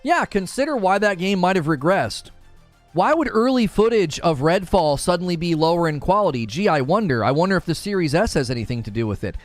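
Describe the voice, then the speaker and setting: Male streamer, high lively voice, jokey and loud, faint music under. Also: a little fast, dry recording. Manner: animated, jokey, often yelling. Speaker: live stream host. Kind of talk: casual live stream chat.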